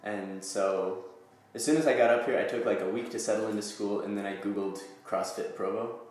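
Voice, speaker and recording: A young man from Texas, a guest chatting casually with relaxed fillers. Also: lowish voice, a little fast. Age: young adult. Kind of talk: casual interview chat. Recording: roomy echo, off-mic.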